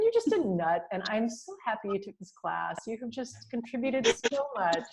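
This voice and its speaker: Woman instructor on a video call, mid-pitched, chatty and encouraging, lots of fillers. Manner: warm praise, frequent fillers and laughs. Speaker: voice and diction teacher. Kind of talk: class feedback over video call.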